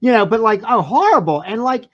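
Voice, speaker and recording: A podcast co-host rambles through a casual movie review, swearing freely and restarting sentences. The voice is very lively and swoops up and down in pitch. The audio sounds dull and lo-fi. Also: a little fast.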